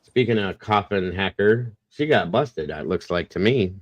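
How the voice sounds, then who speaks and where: A man's voice: deep voice, animated, normal speed, no room sound, muffled recording. Blunt, cussing man hosting. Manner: blunt and profane when heated. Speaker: host. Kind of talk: casual chat.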